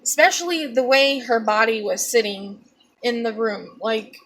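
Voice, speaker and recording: A young woman telling a painful personal story to her viewers, tearful, halting and repeating herself. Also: a little high, a bit bright, slight background noise. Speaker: vlogger.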